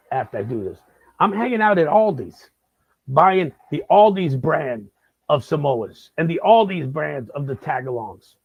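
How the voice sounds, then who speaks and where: A man's voice: medium pitch, vocal fry, husky, dry recording. A man hosting a comedic live-stream monologue, rambling and stammering with lots of repeated words. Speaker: host. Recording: slightly dull lo-fi sound.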